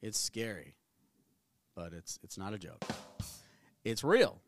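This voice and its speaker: Profane rambling man with a low voice. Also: very animated, slow, faint music behind. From New Orleans area. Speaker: podcast host. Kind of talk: casual solo podcast rant.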